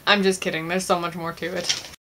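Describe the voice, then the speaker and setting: A woman's voice: on the low side, flat delivery, brisk, a bit bright, slight background noise. Giggly young woman gushing about a movie. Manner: chatty, gushing fan with frequent giggles. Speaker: vlogger. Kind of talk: casual movie review.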